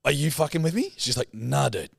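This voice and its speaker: A man's voice: medium pitch, expressive, brisk, creaky, breathy edge, no room sound, studio quality. A young man co-hosting a podcast, telling a story in casual chat, swearing freely and acting out what people said. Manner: swearing, laughing, acts out quotes. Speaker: podcast co-host.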